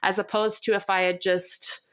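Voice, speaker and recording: A young woman from Montreal speaks in a medium-pitched voice on a casual podcast. She gives advice in an earnest, coaching way and talks candidly. Her tone stays friendly and direct. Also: little pitch movement, moderate pace. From Canada, Montreal. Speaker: guest copywriter.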